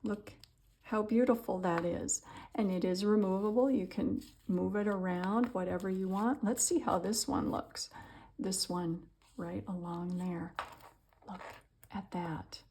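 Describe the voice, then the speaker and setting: A woman hosting a crafting tutorial, gushing and excitable with gasps and soft whispered asides as she demonstrates at her craft table. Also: mid-range voice, unhurried, a little hiss or hum. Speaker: crafting channel host.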